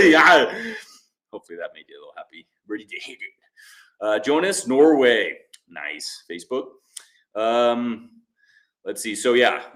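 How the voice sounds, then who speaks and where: A man with a mid-range, slightly bright voice hosts a fitness livestream from a home workout space, the room echoing. Upbeat and casual, he greets viewers by name and reads their comments aloud.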